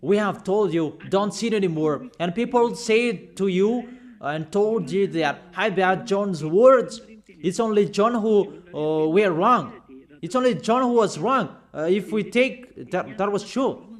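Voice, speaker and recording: High-voiced man preaching a scolding sermon. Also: lively intonation, a little slow. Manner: forceful, scolding, rhetorical questions.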